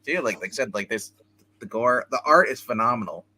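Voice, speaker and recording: A man hosting a casual comic book chat, retelling stories in a rambling, animated way. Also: mid-range voice, fairly quick. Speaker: comic book show host.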